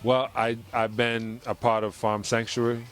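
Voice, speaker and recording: A middle-aged man giving a casual interview at an event, chatty and quick to laugh, telling stories with quoted voices. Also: mid-range voice, little pitch movement, a bit bright. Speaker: interview guest.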